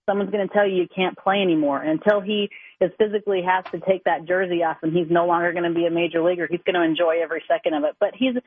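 A woman's voice: fairly low pitch, steady tone, very fast, husky, no room sound. A woman sports reporter calling in to a radio interview, chatty and enthusiastic, heard over the telephone. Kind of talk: phone-in interview. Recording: tinny phone line.

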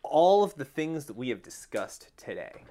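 A man hosting a podcast in a studio, chatting casually with deadpan self-mocking jokes. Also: on the high side, normal speed. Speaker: podcast host.

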